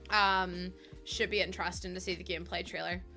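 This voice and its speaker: A woman's voice: fairly low pitch, fairly even intonation, fairly quick, faint music behind. A young woman chatting casually while streaming a building game, rambling and bubbly with plenty of ums. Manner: bubbly, greets chat warmly. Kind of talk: casual live-stream chat.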